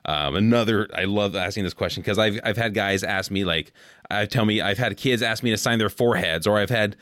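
A man hosting a casual podcast, asking loose, halting questions. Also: fairly low pitch, fairly bright tone, no room sound, clean studio sound. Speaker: podcast host.

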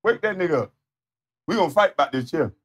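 A man streaming live, ranting off the cuff in a profane, mocking, animated way that sometimes turns to shouting. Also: on the high side, fast, slightly rough. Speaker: livestreamer. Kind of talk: off-the-cuff livestream rant.

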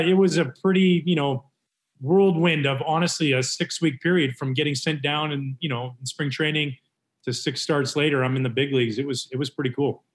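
A man in his forties from Canada, a former baseball pitcher telling stories as a guest, acting out the voices of the people in them. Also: brisk. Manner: animated storyteller acting out quotes. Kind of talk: casual storytelling interview.

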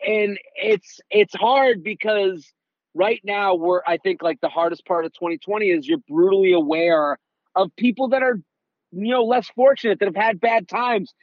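High-voiced man telling rambling stories. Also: moderate pace, no echo, phone-quality sound. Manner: animated storyteller, rambling with many "like"s. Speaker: guest comedian. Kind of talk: casual chat.

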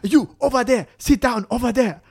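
A man's voice: high voice, moderate pace. A man voicing a group of bossy, imposing women scammers who give orders in broken English.

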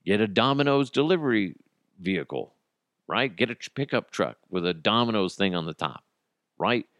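A man in his thirties hosting a podcast, ranting crudely and comically with sudden jumps in pitch. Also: lively intonation, normal speed, fairly bright tone, no room sound. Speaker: podcast host. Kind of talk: casual comedic monologue.

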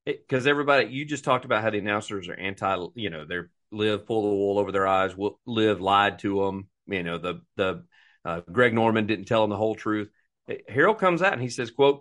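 A man's voice: lowish voice, fairly quick. A man co-hosting a casual podcast, telling stories and acting out quotes. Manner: animated storytelling, acts out quotes. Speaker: podcast co-host. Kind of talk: casual chat about golf.

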